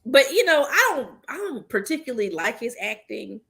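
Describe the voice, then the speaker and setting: A woman's voice: fairly high pitch, very animated, moderate pace, vocal fry, bright, forceful tone. A woman hosting a podcast in casual group chat, blunt and joking, often laughing. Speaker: podcast host.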